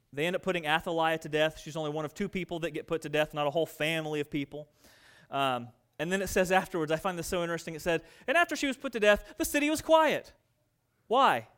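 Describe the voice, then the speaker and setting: High-voiced man preaching a sermon. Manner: earnest, conversational preaching that swings from loud to hushed. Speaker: minister.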